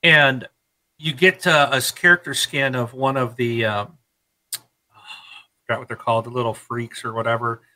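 A man's voice: medium pitch, normal speed, pauses often, low-quality recording. A man in his thirties co-hosting a casual gaming chat, rambling and laughing as he talks. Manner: rambling, animated, laughs often. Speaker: podcast co-host.

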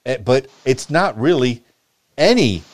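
A man hosts a casual podcast interview in neutral American broadcast English. He stammers often, restarting and repeating words as he works out his thoughts. His voice is of middle pitch for a man and is recorded dry and close. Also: sing-song, measured pace, no room sound. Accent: neutral General American broadcast. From Miami, Florida. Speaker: podcast host.

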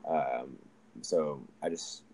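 Deep-voiced young man rambling about football. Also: steady tone, extremely slow, darkish tone, no room sound. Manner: rambling, frequent restarts and fillers. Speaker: podcast host. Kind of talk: casual sports chat.

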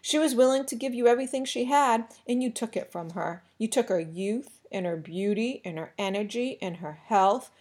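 A woman's voice: a little high, lively intonation, normal speed, few pauses, a little mellow, husky. A woman voicing a determined young boy who speaks firmly and defiantly, raising his voice, in an audiobook reading. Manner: firm, defiant, raised voice.

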